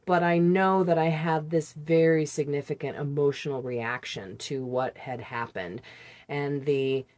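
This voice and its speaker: Low-voiced woman recalling her past. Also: a little mellow. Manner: candid, halting recollection with imitated sounds. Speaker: podcast guest. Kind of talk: personal storytelling in conversation.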